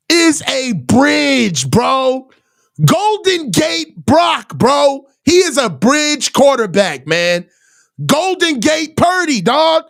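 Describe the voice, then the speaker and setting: A man's voice: very high-pitched, very animated, takes it slowly, gravelly. Exasperated man ranting over a football game. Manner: shouts often in frustration. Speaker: sports reaction host. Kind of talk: live game reaction commentary.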